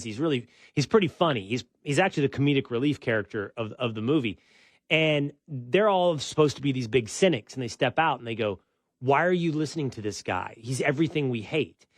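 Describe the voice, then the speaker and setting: A man's voice: mid-range voice, no room sound, clean studio sound. A man hosting an opinion talk show, making his case in a conversational, argumentative way. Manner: conversational, argumentative, animated when making a point.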